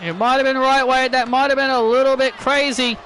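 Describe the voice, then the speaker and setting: A man doing excitable play-by-play wrestling commentary over a video game, yelping at big moves and joking sarcastically about glitches. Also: very high voice, a little fast, slight background noise.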